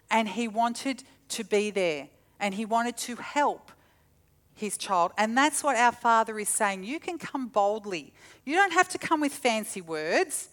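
A woman preaching a sermon in a slightly high voice. She tells stories with animated energy and acts out the lines she quotes. She sounds middle-aged.

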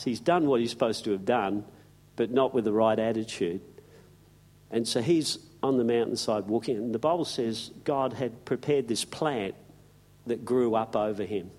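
A man's voice: fairly low pitch, normal speed, a little mellow. Folksy man preaching a sermon. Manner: folksy, emphatic storytelling with chuckles.

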